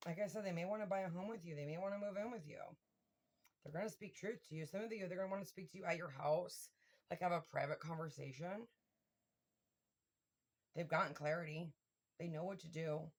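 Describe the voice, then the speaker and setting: A woman giving a casual tarot reading to her viewers, excitable and swearing freely as she talks directly to them. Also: fairly low pitch, a little fast, long pauses. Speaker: tarot reader.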